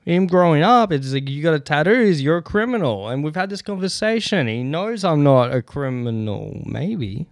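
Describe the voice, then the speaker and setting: A man's voice: on the high side, big pitch swings, moderate pace, hardly any pauses, dry recording, clean studio sound. A man hosting a casual solo podcast, telling stories with lots of swearing, laughing between lines and getting worked up in rants. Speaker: podcast host.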